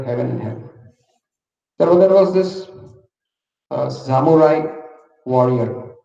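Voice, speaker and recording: A man's voice: a little high, warm tone. A man with an Indian English accent giving a motivational talk, telling a story and asking the audience questions. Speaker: motivational speaker. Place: large hall. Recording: echoey hall from far off, dull.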